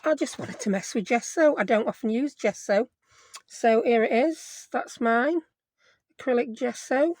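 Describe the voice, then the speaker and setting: A woman's voice: on the high side, measured pace, darkish tone. Chatty woman, craft tutorial. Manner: chatty, self-deprecating, thinking aloud while working. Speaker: craft video host.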